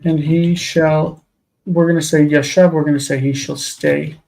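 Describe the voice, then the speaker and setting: Tired, gravelly male Hebrew teacher. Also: a little high, little pitch movement, a little mellow, poor audio. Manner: patient, explains slowly with many ums. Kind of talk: live-streamed language lesson.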